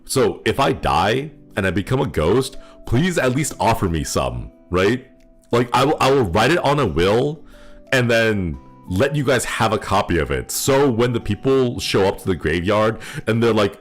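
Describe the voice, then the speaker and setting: A man with a lowish voice chats casually on his stream, his pitch swinging up and down in animated bursts. He rambles, breaks into frequent laughs and thanks viewers along the way. Quiet music plays faintly behind him. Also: unhurried. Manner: giggly, rambling, laughs often.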